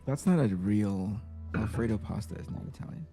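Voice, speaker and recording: Man from the US, low pitch, mellow tone, teasing casual chat. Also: lively intonation, soft background music. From United States. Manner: teasing, quick questions.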